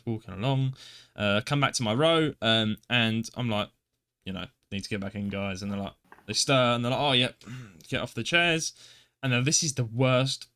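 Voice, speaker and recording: A young podcast co-host relates an embarrassing episode, mocking himself and dramatizing his own reactions. His mid-range voice is bright and forceful, with a clean tone.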